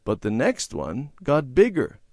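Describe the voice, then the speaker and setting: A man voicing a young boy who tells fibs in a children's storybook, speaking a little higher and coaxing. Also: big pitch swings, measured pace, dry recording, studio quality. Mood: sorry. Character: young boy, fibbing and sulky.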